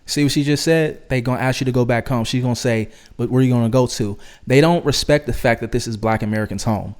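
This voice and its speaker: A man's voice: medium pitch, quick pace, a little mellow. Give me a man doing argumentative reaction commentary on video clips, pressing every point. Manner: emphatic, argumentative, lecturing. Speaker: commentary channel host.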